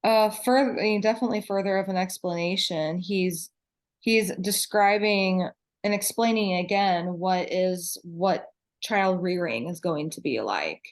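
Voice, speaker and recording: A woman co-host speaking in a measured, thoughtful way. Her voice sits a little low for a woman. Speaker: podcast co-host. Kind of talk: conversational discussion.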